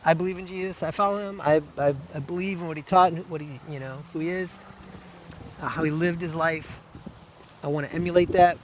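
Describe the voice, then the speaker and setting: A man giving an earnest, reflective monologue to camera, speaking haltingly with many restarts and fillers and an occasional soft laugh. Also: a little high, fairly even intonation, dull audio, slight background noise. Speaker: video blogger.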